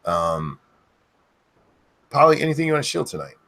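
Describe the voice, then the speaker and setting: A man's voice: medium pitch, very animated, moderate pace, gravelly, a bit bright. A man hosting a casual online chat show, loose and rambling, thanking his audience and co-hosts. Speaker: podcast host.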